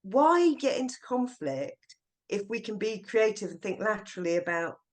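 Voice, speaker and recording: Animated woman teacher trainer, podcast guest. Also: medium pitch, normal speed. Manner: lively storyteller acting out classroom voices. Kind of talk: podcast interview.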